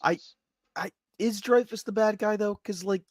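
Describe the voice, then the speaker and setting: A man co-hosting a comedy podcast, riffing in an animated, profane way. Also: high voice, normal speed, crowd noise. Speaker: podcast co-host. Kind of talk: casual comedic chat.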